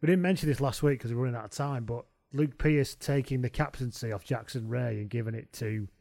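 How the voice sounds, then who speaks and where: Casting note: mid-pitched man, dry wit, relaxed profane chat. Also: fairly quick, creaky, no room sound. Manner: dry, wry asides, swears freely. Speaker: podcast co-host. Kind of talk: casual sports chat.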